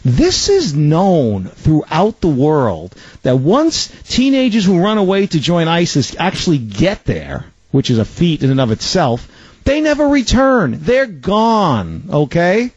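A man's voice: fairly high pitch, wildly swooping pitch, unhurried, a little mellow, slightly rough, no echo, lo-fi sound. A man hosting a talk radio show, delivering an opinionated, sarcastic monologue with frequent fillers and restarts.

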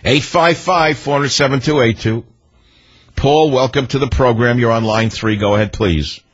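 A man's voice: mid-range voice, normal speed, breathy edge. A man hosting a talk radio show, ranting in a combative, indignant way and hammering his points with repetition. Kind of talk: talk radio monologue and calls. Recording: dull lo-fi radio audio.

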